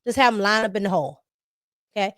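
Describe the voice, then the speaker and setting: Animated woman vlogging about politics. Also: medium pitch, fast, dry recording, studio quality. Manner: animated, laughing often, emphatic "okay?" tags. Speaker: political commentary host. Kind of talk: casual political commentary vlog.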